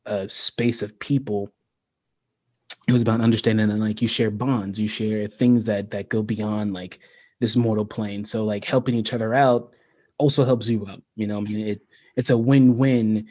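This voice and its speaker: A man's voice: fairly low pitch, normal speed, no room sound. An American man chatting casually on a livestream, rambling with lots of "like" and frequent laughs. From United States. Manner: relaxed and rambling, many "like"s, laughs often. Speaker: creator talking about his fantasy world.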